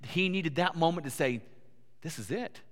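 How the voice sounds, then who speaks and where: A man's voice: on the high side, expressive, normal speed. A man preaching a sermon as pastor, earnest, building to emphatic peaks and often repeating words. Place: church sanctuary. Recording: long church hall reverb.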